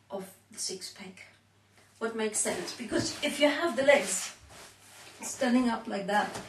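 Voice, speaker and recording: A woman demonstrates exercises at home and counts each repetition slowly while she moves. She sounds a little out of breath. Her voice comes from some distance away, in an echoey room. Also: medium pitch, slight background noise. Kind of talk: counting through a workout demonstration. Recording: echoey room, mic far off.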